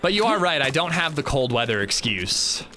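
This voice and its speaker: A man streams a game live, chatting casually and telling stories while swearing and acting out the quotes. His medium-pitched voice is very animated and moves at a moderate pace, with background noise behind it.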